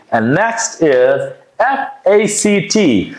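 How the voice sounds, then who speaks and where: A man teaching English pronunciation, modeling words slowly and exaggerating the sounds for learners to repeat. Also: mid-range voice, sing-song. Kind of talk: pronunciation lesson with drills. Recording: echoey room.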